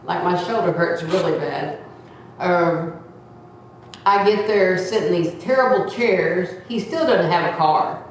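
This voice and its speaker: A woman, telling a long personal story in a chatty, expressive way and speaking warmly of her faith in God. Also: on the low side, measured pace, a little hiss or hum. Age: 70s. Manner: chatty, expressive, laughing often; devout, speaks often of God. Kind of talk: casual storytelling. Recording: echoey, slightly distant mic.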